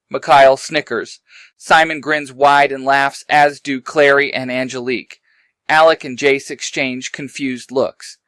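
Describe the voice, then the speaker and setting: A man reading his own fanfiction aloud, moving briskly through the narration and shifting his voice a little for the characters' lines. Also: fairly even intonation, a bit bright, no echo. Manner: reads brisk narration and lightly varies pitch for characters' dialogue. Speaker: fanfiction reader.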